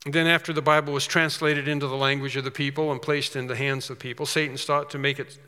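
Emphatic preacher in a reverberant hall. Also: male voice, mid-range voice, little pitch movement, quick pace, bright, forceful tone, clear, resonant tone. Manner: earnest, emphatic preaching with rising stresses. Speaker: pastor. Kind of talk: sermon.

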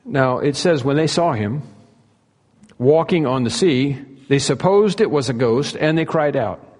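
A man's voice: medium pitch, animated, measured pace, a little mellow. A man preaching an expository sermon in earnest tones, repeating key phrases for emphasis. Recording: long reverb of a large hall.

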